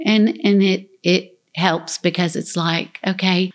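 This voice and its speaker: A woman's voice: fairly low pitch, steady tone, slow. A middle-aged woman, a bereaved mother talking earnestly about her faith in a casual interview. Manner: earnest, devout.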